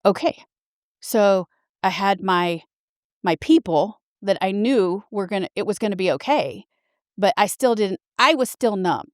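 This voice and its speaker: Earnest, halting woman in her fifties. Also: medium pitch, expressive, no echo, studio quality. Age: 50s. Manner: earnest, halting, with frequent restarts. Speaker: podcast guest sharing her story. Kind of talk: personal storytelling.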